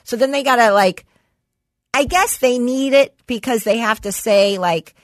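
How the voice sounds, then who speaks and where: A woman co-hosting a podcast, telling stories in casual chat, animated and laughing often. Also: fairly high pitch, moderate pace, no echo. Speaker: podcast co-host.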